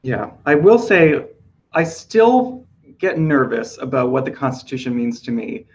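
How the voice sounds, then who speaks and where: A man hosting an awards-prediction chat, hoarse from losing his voice, chatty and loose with filler ums. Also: medium pitch, big pitch swings, unhurried, highs cut off. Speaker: podcast host.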